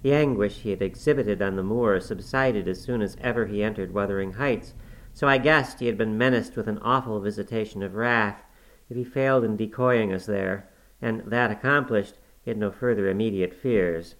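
A man's voice: fairly low pitch, a bit bright, rough recording. Man narrating a classic novel. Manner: measured, formal period narration. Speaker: audiobook narrator.

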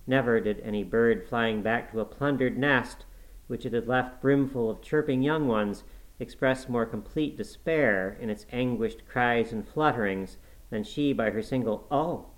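A man narrating a classic novel in a measured, expressive storytelling manner. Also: medium pitch, rough recording. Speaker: audiobook reader.

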